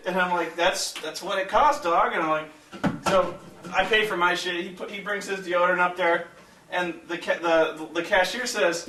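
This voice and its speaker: This is a man with a high, bright voice, telling a story casually in a vlog. He swears freely and mimics his friend with laughs. The sound is echoey and taken from a distance, with faint noise behind. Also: fairly even intonation, normal speed. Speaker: vlog host. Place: hotel room.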